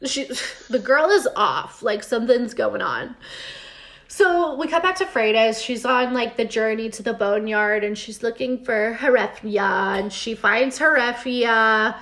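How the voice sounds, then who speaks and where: A woman's voice: fairly high pitch, a little slow, a bit bright. A woman casually recapping a TV episode for her co-host, chatty and sarcastic, reading bits from her notes. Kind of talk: casual chat.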